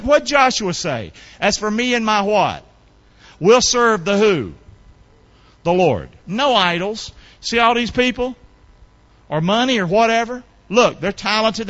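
A male pastor delivering a sermon in a fairly high voice that leaps up and down. He quizzes his listeners in call-and-response fashion and moves from loud bursts to low asides.

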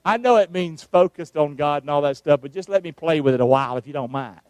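A male preacher, giving a sermon, calling on the congregation to answer and shouting verses out. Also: fairly high pitch, fast, no echo. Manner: calls for responses, shouts the verses out.

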